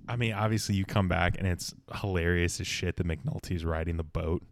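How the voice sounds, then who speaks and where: A man's voice: sits low, brisk, slight background noise. A man co-hosting a casual chat, laid-back and swearing freely as he tells stories. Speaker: podcast co-host.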